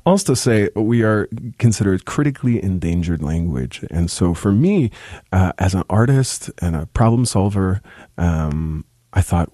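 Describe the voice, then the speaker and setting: A young adult man with a deep, gravelly voice, speaking as an interview guest in a thoughtful, halting way with many restarts. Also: lively intonation, dark tone, no room sound, clean studio sound. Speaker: musician guest. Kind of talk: casual interview talk.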